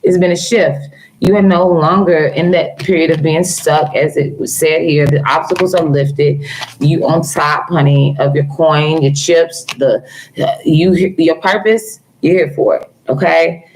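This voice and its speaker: A woman's voice: deep voice, a little slow, darkish tone, slight background noise, rough recording. A woman giving a casual live-stream tarot reading, speaking affectionately to her viewers with features. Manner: affectionate, calls viewers girl and honey. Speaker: tarot reader.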